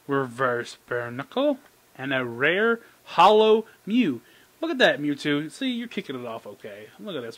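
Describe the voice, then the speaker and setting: A man giving casual, jokey commentary as he opens trading card packs, excitable and talking to his cards. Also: medium pitch. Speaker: card collecting YouTuber. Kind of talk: casual pack-opening commentary.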